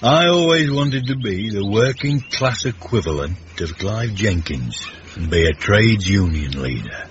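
A snooty drawling posh fella, voice swooping all over, kinda faint hiss on an old radio recording. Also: male voice, lowish voice, lively intonation, a little slow. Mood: self-pitying. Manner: affected, drawling, self-pitying. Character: pompous posh man, brother of a union leader. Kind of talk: radio comedy acting. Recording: dull old radio broadcast.

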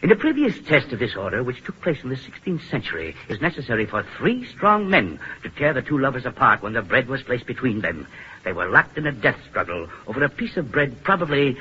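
A man's voice: medium pitch, big pitch swings, a little fast, sharp tone, husky, full character voice. An actor playing a cold, cruel male experimenter who sneers and gives orders, in 1940s radio acting. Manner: sneering and commanding. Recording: muffled old radio broadcast.

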